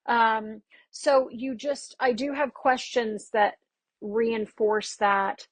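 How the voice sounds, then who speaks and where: A woman dialect coach from Texas, chatting as a podcast guest and telling stories with quick, animated asides. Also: a little high, no room sound. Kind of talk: casual podcast interview.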